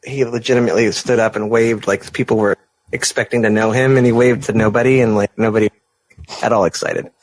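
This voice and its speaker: A man's voice: lowish voice, fairly even intonation, a little fast. A man co-hosting a casual podcast, telling long rambling stories with lots of "like" and restarts. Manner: rambling storyteller, many fillers and restarts. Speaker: podcast co-host. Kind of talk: casual chat.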